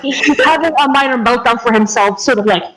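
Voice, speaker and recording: A woman's voice: on the high side, brisk, background noise. A woman playing a tabletop game, describing her character's actions in an amused way. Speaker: player.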